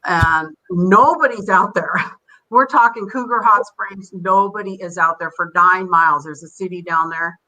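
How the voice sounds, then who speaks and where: An older woman, a grandmother and podcast guest, telling rambling, animated stories and acting out the voices she quotes. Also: lowish voice, unhurried, poor audio. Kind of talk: casual interview storytelling.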